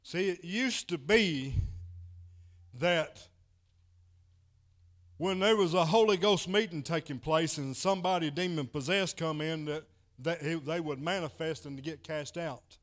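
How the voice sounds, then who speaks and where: A man's voice: a little high, unhurried, a bit bright. Folksy preacher man. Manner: folksy, repeats "he said" while retelling a story. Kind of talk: sermon with storytelling.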